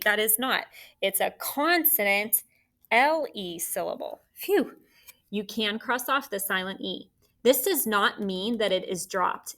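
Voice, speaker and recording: A woman teacher giving a spelling lesson to children, slow and deliberate, sounding out words letter by letter. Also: medium pitch, bright, forceful tone.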